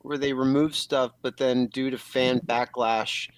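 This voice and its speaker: A man's voice: medium pitch, fairly even intonation, measured pace, smooth, no room sound. A man chatting casually on a livestream and joking around.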